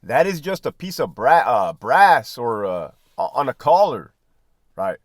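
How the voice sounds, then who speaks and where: A man's voice: mid-range voice, measured pace, no echo, studio quality. A middle-aged man, a former prison guard and army veteran, talking casually and profanely, laughing often. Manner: animated, swearing, laughing often.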